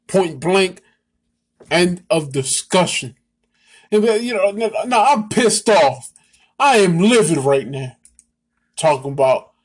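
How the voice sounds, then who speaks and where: A man hosting a sports show, ranting with sarcasm and exasperation about a quarterback. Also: fairly high pitch. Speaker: sports podcast host.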